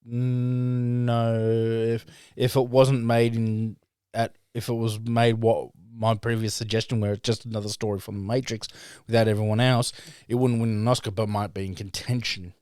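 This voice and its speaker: A man's voice: mid-range voice, level tone, normal speed, a little mellow, clean tone, dry recording, clean studio sound. A young man co-hosting a podcast in casual chat, blunt and sarcastic, swearing often. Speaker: podcast co-host.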